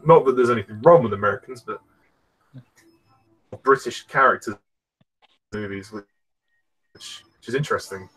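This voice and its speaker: Male fan commentator, husky, easygoing and hesitant. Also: mid-range voice, normal speed, long pauses, a bit bright, rough recording. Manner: easygoing, hesitant, lots of fillers. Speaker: film commentator. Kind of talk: casual film commentary.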